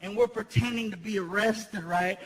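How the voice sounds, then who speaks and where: Comic lead, man, very high voice, animated storyteller who slips into character voices, live stage audio with crowd noise. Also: normal speed. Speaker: stand-up comedian. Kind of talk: stand-up comedy storytelling. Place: large theater with a live audience.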